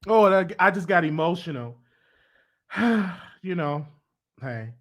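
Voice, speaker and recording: A man with a Southern US accent talks to his audience in a loose, rambling monologue. His voice sits high and sounds bright and forceful. He gets carried away easily and swings into loud, emotional bursts. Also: expressive, unhurried. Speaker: show host. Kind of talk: casual livestream monologue.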